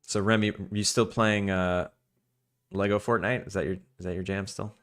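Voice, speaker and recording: A man's voice: lowish voice, level tone, moderate pace, fairly bright tone. A man from Long Island with a Long Island accent, streaming a game and chatting casually with his viewers in a rambling, chuckling way. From Long Island, New York. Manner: chatty, rambling, chuckles while talking to chat. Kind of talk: casual chat while gaming.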